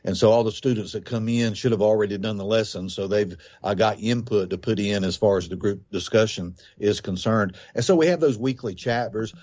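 A man's voice: lowish voice, brisk, few pauses, darkish tone, lo-fi sound. A man who founded a recovery ministry, answering questions on a radio interview in an earnest, explanatory way with fillers and scripture quotes.

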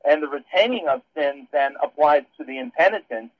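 A man's voice: on the high side, lively intonation, a little fast, no room sound. A man on a radio show explaining theology in a rambling way, with frequent restarts. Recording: dull phone-line sound.

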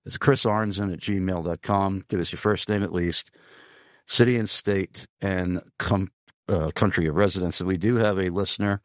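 Radio host guy, low voice, earnest and pleading, really dry close sound. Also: steady tone, normal speed, no echo. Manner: earnest, pleading, lists many phrases. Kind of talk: radio show appeal and listener questions.

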